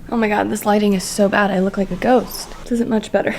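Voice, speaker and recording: Chatty, excitable young woman vlogging. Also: mid-range voice, quick pace, gravelly, music in the background. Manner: chatty, swears freely, filler-heavy, excitable. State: emotional, near tears. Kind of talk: casual vlog chat to camera.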